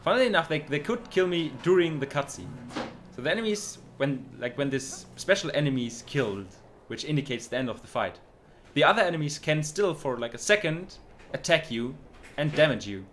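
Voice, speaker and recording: A man's voice: on the high side, expressive, brisk, fairly bright tone, slight background noise. A man commentating his own speedrun live, dry and sarcastic, swearing when things go wrong.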